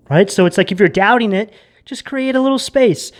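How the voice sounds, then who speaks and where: Casual tarot reader, chats loosely to camera, lots of "like" and "right?", mid-pitched voice, drifts into quiet asides. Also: lively intonation, fairly quick. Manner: chatty and rambling, with many fillers and tag questions.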